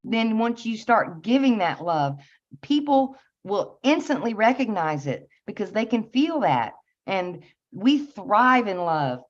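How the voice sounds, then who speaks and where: Earnest woman musing on spiritual growth. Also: lowish voice. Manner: earnest, meandering, with soft laughs and many fillers. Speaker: spiritual channel host. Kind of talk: casual spiritual talk. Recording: slightly dull lo-fi audio.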